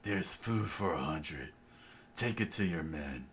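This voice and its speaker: A stern old head chef speaks slowly and quietly in a low, gruff voice, as a man reading the story puts him on. He stays calm and unhurried. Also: a little hiss or hum, full character voice.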